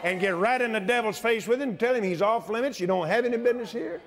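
A male preacher delivering a fervent sermon, often shouting and breaking into laughter. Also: high voice, quick pace, long reverb tail, crowd noise.

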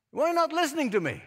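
A man preaching, voicing an impatient prophet who demands answers in a fast, pushy, whining way. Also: very high voice, a bit bright, pitched above the performer's own voice, exaggerated voice. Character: impatient demanding male prophet complaining to God. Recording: echoey hall with long reverb.

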